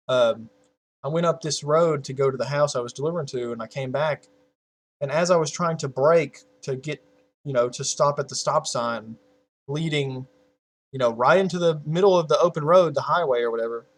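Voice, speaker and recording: Talking into a desk mic at home, a young male YouTuber in his early twenties rambles casually to his viewers in a mid-pitched voice. Constant swearing, trailing-off restarts, and laughter at his own jokes fill his chat.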